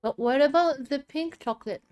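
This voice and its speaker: A woman's voice: sits high, moderate pace, darkish tone. Chatty woman streamer drawing and eating. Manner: chatty, laughs often, talks while eating. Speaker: art streamer. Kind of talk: casual chat while drawing.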